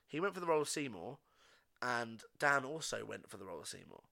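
Bright-voiced chatty man. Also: mid-range voice, big pitch swings, fast, creaky. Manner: chatty storyteller, laughs often. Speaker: podcast co-host. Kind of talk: casual chat.

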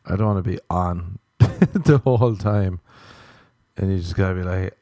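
A man's voice: low-pitched, moderate pace, dark tone, dry recording, clean studio sound. A young man hosting a solo podcast, rambling through stories in a self-mocking way and swearing casually. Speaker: podcast host. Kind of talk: rambling comedic monologue.

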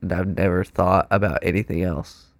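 A man's voice: low-pitched, little pitch movement, normal speed, no echo. A young man, a drummer, with a stuffed-up nose, rambling loosely in casual chat and swearing freely. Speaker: drummer, podcast co-host.

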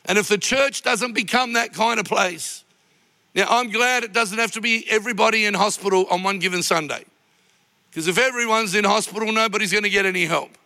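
This man's voice sits high, with a sharp tone and a slightly fast pace. Preaching as pastor, he shares personal stories emotionally and builds to impassioned cries, his words echoing with the long reverb of a large church auditorium.

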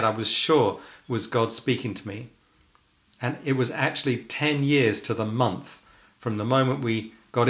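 A middle-aged man and church leader giving a personal testimony sermon, earnest and measured, slowing down to stress key phrases. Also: mid-range voice, a bit bright. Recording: roomy echo.

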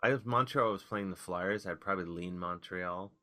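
A man, a comedian guest, telling rambling, wry stories in casual podcast chat with animated outbursts. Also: sits low, normal speed.

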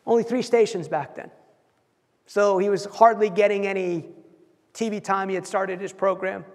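A man preaching a sermon, telling stories and acting out quotes with animated delivery, often repeating words as he goes. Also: sits high, moderate pace. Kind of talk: sermon storytelling. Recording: long hall reverb.

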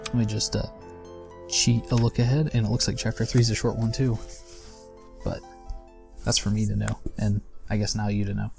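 Young male reader, calm storybook narration, low and a bit gravelly. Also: moderate pace, long pauses, soft background music. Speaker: audiobook reader and host. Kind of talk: reading a children's book aloud.

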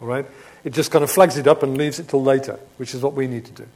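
A man preaching a sermon, swinging between emphatic proclamation and hushed reflection, often asking his listeners rhetorical questions. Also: medium pitch, steady tone, quick pace. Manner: asks rhetorical questions of the congregation.

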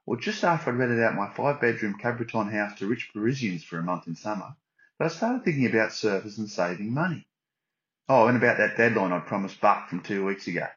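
A surf writer sending a voice message, talking in a put-on Australian accent with tongue-in-cheek boasting. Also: male voice, mid-range voice. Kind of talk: recorded voice message. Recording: lo-fi voice note.

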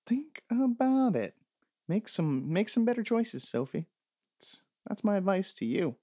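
Profane, sarcastic man with lively pitch. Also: normal speed, dry recording. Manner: sarcastic, profane mock-ranting. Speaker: podcast host. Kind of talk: comedic podcast reading listener emails.

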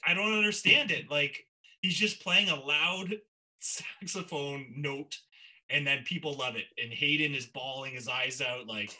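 Bright, animated man telling stories. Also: a little high, measured pace. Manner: animated storyteller, swears often, laughs while telling stories. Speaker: podcast co-host. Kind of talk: casual chat.

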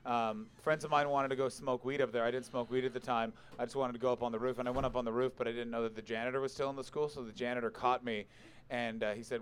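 A man doing stand-up, bantering with the crowd and telling a profane story in a brash, quick manner on a club stage mic. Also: medium pitch, level tone, clean tone.

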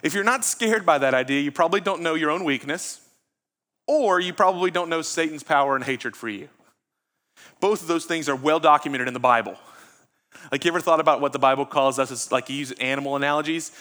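A young man preaches a sermon with a bright, forceful tone and a voice that sits a little high. He talks to his listeners in a conversational way, asking them questions as he goes. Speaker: pastor.

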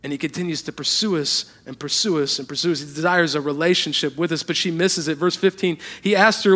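A man preaching a sermon as a pastor, telling funny stories about himself and swinging between hushed, earnest moments and loud, animated ones. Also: a little high, fairly quick. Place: church.

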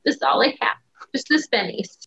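A woman in loose, joking conversation, her pitch swooping up and down as she riffs and swears. Her voice comes through dull and lo-fi, with a faint hiss behind it. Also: expressive, moderate pace, creaky. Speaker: podcast guest. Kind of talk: casual chat.

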